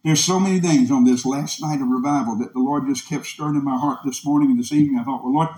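A fast-talking man with a medium-pitched, darkish voice delivers an impassioned revival sermon in a church meeting room, his cadence rising and falling the way preachers' does. The recording has an echoey sound.

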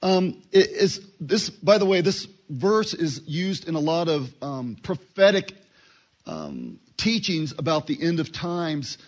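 A man giving a relaxed Bible teaching, talking conversationally and acting out short dialogues. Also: fairly high pitch, slow pace. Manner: conversational, acts out little dialogues, fillers.

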